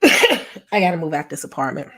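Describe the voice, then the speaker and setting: A woman chatting casually to her viewers in a livestream, speaking softly and reflectively, answering their comments and now and then dropping to a whisper. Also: low-pitched, big pitch swings, normal speed, gravelly. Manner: talks directly to viewers, reads and answers chat comments; soft and reflective, sometimes drops to a whisper. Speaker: vlogger and channel host. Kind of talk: casual heartfelt livestream chat.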